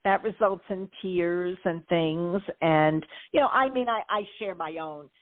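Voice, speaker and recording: Middle-aged lady coach explaining stuff, lively, kinda low voice, tinny dry line. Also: measured pace, no echo. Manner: lively, explanatory, fond of playful examples. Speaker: guest life coach. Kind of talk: interview conversation.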